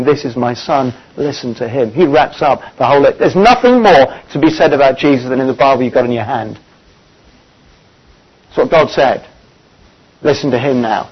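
A man preaching a sermon, earnest and often pausing on "uh" as he gathers his thoughts. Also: medium pitch, slightly rough. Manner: earnest, pausing with frequent "uh" fillers. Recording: dull lo-fi recording.

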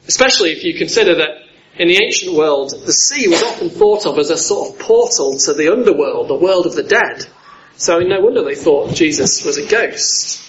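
Guy giving a sermon, chatty, throws questions at the crowd, slightly high voice, kinda muffled recording. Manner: conversational, asks the listeners questions. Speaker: preacher.

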